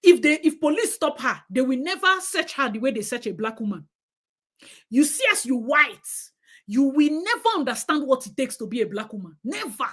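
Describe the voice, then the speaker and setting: A woman's voice: sits high, big pitch swings, normal speed, a bit bright, husky. A woman from Nigeria with a Nigerian accent, hosting a live stream and giving emphatic, opinionated commentary to her viewers, slipping into Nigerian Pidgin.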